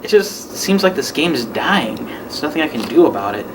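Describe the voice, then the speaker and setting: A man's voice: on the high side, big pitch swings, a little fast. A young man playing a frustrated young gamer. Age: young adult. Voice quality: earnest, frustrated, apologetic. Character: young male gamer, stressed game runner. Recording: echoey room, noisy, far mic.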